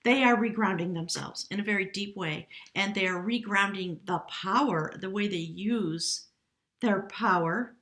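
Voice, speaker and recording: A woman giving a spontaneous tarot reading, speaking gently and emotionally, now and then addressing her spirit guides. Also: mid-range voice, a little slow. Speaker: tarot reader.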